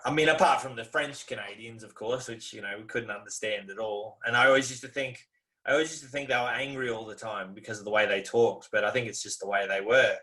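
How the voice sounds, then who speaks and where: Easygoing Australian man, bright voice, casual video-call chat. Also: on the low side, steady tone, quick pace. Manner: easygoing, rambling, laughs often. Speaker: guest.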